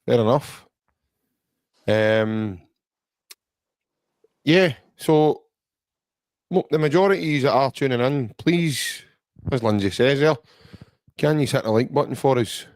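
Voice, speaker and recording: A man's voice: medium pitch, slow, long pauses, no echo. A Scottish man hosting a casual football podcast, chatty and jokey, rambling through banter. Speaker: podcast host.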